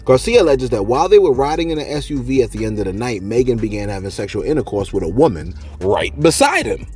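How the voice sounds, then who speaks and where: Animated joking man with lively pitch. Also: fast. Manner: animated, jokey, talks straight to viewers, acts out quotes. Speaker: celebrity gossip show host. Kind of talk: joking commentary on celebrity news.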